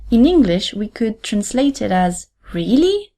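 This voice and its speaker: Clear, deliberate woman teaching. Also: fairly high pitch, sing-song, dark tone. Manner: clear, deliberate, repeats example phrases slowly. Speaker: podcast host and French teacher. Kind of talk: scripted language lesson.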